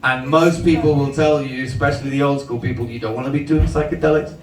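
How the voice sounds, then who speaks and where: A man's voice: medium pitch, fairly even intonation, quick pace. A man doing stand-up, telling a story with swearing and laughs. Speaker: stand-up comedian. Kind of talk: stand-up comedy. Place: comedy venue with audience. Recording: roomy live venue from far off, crowd.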